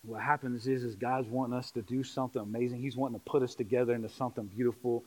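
A man preaching a sermon in church, joking with the congregation and building to loud, rising calls. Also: mid-range voice, steady tone, quick pace. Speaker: pastor. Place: church sanctuary.

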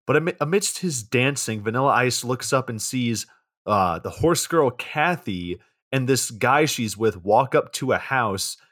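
A man's voice: mid-range voice, animated, measured pace, fairly bright tone, no echo, studio quality. A man co-hosting a podcast, casually recapping a movie plot with swearing and asides. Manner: laid-back, recounts plot with swearing and asides. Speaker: podcast co-host.

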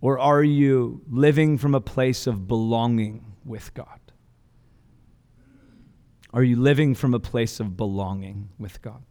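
A man's voice: mid-range voice, measured pace, long pauses, mellow. A man preaching a sermon as pastor, earnest and conversational, with casual asides and restarts. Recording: long hall reverb.

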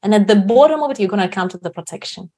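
A woman's voice: medium pitch, animated, rapid-fire, dark tone. A woman guest on a podcast, reflectively explaining a self-help practice and often checking in with 'right?'. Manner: reflective, often adds 'right?' tag questions.

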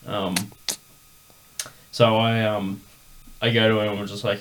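A man's voice: fairly low pitch, flat delivery, unhurried, pauses often, fairly bright tone, a little hiss or hum. A man hosting a podcast, telling a rambling story in casual chat with lots of fillers. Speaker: podcast host.

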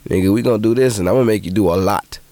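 A man hosting a podcast who tells profane, animated stories in casual monologue and jumps into high voices when he quotes people. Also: racing, dry recording. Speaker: podcast host.

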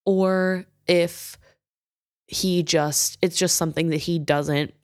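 A woman's voice: on the low side, fairly even intonation, slow. A woman co-hosting a book podcast, thinking aloud about a story. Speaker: podcast co-host. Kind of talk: book discussion.

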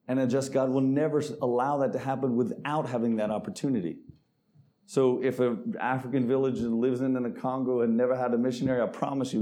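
A man preaching a sermon, calling out to the congregation and reading scripture slowly with weight. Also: mid-range voice, dark tone. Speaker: pastor.

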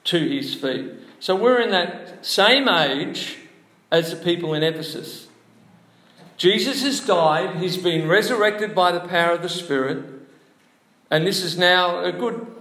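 A man's voice: a little high, fairly bright tone, roomy sound. A man preaching a sermon to a congregation in a church, chatty and full of questions to the room. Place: church hall before a congregation.

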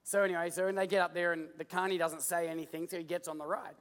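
Australian male pastor, very high voice, jokey digressive sermon, big reverberant hall. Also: level tone, fast, a bit bright.

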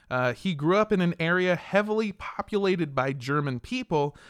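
A young man on a podcast with a slightly high, smooth voice. He tells the story in an animated, irreverent way and swears freely. The sound is dry and close. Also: no room sound. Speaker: podcast host telling a history story. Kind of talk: casual podcast chat.

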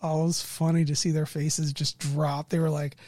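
A woman game master casually recounting a tabletop game session, animated and laughing often. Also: sits low, moderate pace, no room sound, studio quality.

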